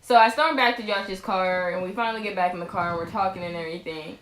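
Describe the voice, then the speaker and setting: A woman's voice: on the low side, fast, fairly bright tone, slight background noise. A young woman, a vlog co-host, rambling casually through a storytime with lots of restarts. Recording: roomy echo.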